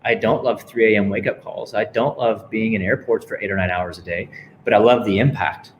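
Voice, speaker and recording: A man giving an energetic motivational talk as a guest author and speaker, telling stories and acting out the lines of the people in them. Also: fairly low pitch, a little fast, slight background noise. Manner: energetic storytelling, acting out quotes.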